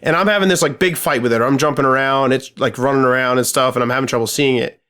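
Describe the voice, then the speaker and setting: Rambling with lots of fillers and swearing freely, a male podcast co-host tells a gaming story in casual chat. He speaks at a quick pace, his medium-pitched voice fairly bright.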